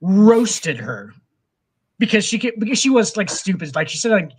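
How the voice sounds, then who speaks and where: Male co-host, high voice, profane rambling sports-chat storyteller. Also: very animated, normal speed, husky. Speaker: podcast co-host. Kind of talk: casual sports talk.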